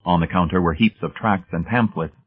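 A man with a very deep voice narrates a novel in a steady, measured way. The sound is thin and band-limited, like it's coming through a telephone. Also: husky. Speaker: audiobook narrator. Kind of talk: scripted narration. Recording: tinny phone-like band.

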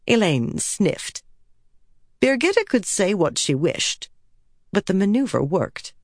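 A woman narrating a fantasy battle scene with steady storytelling delivery. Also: medium pitch, slow, pauses often, no echo, studio quality. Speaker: audiobook narrator. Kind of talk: scripted narration.

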